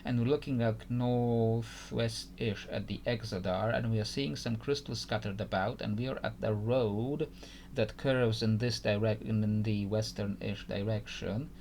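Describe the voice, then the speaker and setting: A man's voice: fairly low pitch, steady tone, a little slow, creaky, a little mellow, slight background noise. A man giving casual gameplay commentary, hesitant and thinking aloud with frequent restarts. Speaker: gaming YouTuber.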